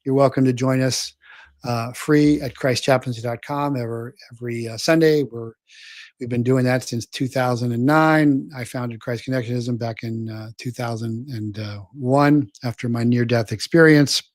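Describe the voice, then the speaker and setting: Older male host, casual stream chat, rambling with fillers, dry close-mic sound, mid pitch. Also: fairly even intonation, moderate pace, dry recording. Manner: rambling, many fillers and restarts. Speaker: show host. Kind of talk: casual livestream talk reading viewer comments.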